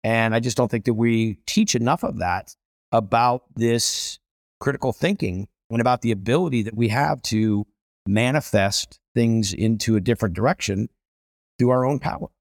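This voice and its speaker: A man's voice: mid-range voice, moderate pace, dry recording, clean studio sound. A middle-aged man, a celebrity chef guest, telling stories with energy and emphasis in a casual conversation.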